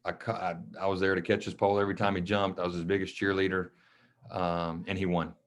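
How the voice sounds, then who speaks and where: Low-voiced coach telling stories. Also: male voice, fast talker. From Mississippi. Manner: lively, emotional storyteller who acts out quoted dialogue. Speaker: coach and podcast guest. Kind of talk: casual storytelling interview.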